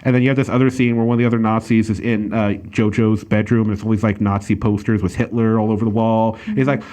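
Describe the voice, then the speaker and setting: A man's voice: fairly low pitch, level tone, fast, a little mellow. A man hosting a casual podcast, reviewing a movie in a rambling way with lots of fillers and restarts. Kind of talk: casual chat.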